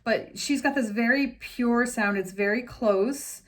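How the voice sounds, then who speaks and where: A woman with a slightly high-pitched voice gives an informal singing lesson. She explains technique in a chatty, unhurried way, often pausing to think. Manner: chatty, explanatory, with sung demonstrations. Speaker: singing teacher. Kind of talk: casual vocal lesson.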